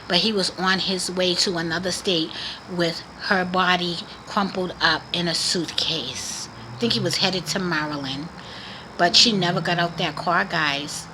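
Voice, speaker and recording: A woman's voice: mid-range voice, sharp tone, a little hiss or hum, poor audio. A woman vlogger earnestly sharing a religious testimony in casual, preachy talk, repeating phrases for emphasis. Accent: Boston area.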